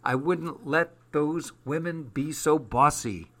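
A man's voice: fairly high pitch, slow, a bit bright, pitched above the performer's own voice. A man voicing a small, indignant boy complaining in a storybook reading. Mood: grumbling.

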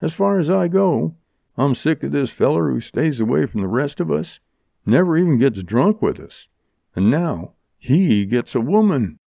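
A man voicing a quarrelsome bearded outlaw, blustering in a rough drawl. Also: a little high, sing-song, normal speed, dark tone, dry recording, pitched above the performer's own voice, exaggerated voice. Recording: dull lo-fi audiobook recording.

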